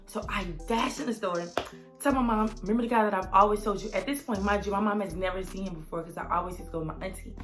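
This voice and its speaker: A young woman telling a personal story in a casual vlog, animated and dramatic, with lots of "like" and "y'all". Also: medium pitch, fast, soft background music.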